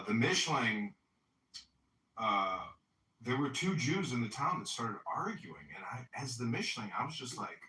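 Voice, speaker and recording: A man's voice: medium pitch, bright, forceful tone. A man telling a rambling, profane story in casual chat, full of restarts and quoted dialogue. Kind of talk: casual anecdote on a live audio app. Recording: echoey, distant app audio.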